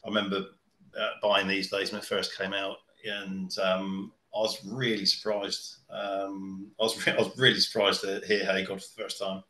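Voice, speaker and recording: A man's voice: deep voice, level tone, moderate pace, sharp tone. A man chatting casually as a podcast guest, hesitant, with lots of restarts and ums. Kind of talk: casual chat. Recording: echoey room.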